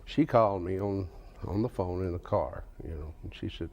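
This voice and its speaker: A man's voice: deep voice, normal speed, darkish tone. A man in his fifties with a Southern US accent, a country singer telling folksy stories in a TV interview and laughing through them. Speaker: guest, country singer and author. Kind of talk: casual storytelling in a TV interview.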